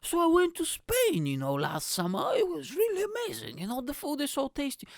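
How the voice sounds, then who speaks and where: A man's voice: very high voice, wildly swooping pitch, a little fast, creaky, dry recording, clean studio sound, voice pushed up, full character voice. A man voicing a dull middle-aged man who drones on smugly about his holiday.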